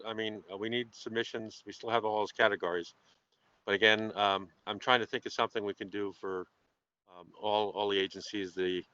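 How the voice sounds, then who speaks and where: A man in a conference-call meeting who talks haltingly, with many fillers and restarts, and jokes drily. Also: lowish voice, pushed and bright, smooth, dry recording. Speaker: EMS council member. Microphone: remote call. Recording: muffled lo-fi call audio.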